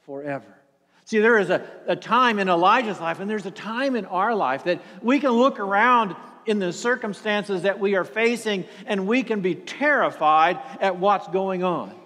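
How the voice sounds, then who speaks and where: A man preaching a sermon in an earnest, halting way, often repeating words and sinking to a near whisper for emphasis. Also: high-pitched, a bit bright, big-room sound.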